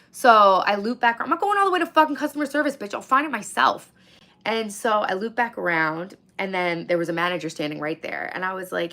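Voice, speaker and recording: A woman in her thirties talks straight into her phone on a live stream, her voice hoarse and rough with fry. She sits a touch low in pitch and rants bluntly, swearing freely as she reads and answers the chat. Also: brisk, fairly bright tone. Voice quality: gravelly. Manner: blunt, profane, ranting storyteller. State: hoarse, lost voice from screaming.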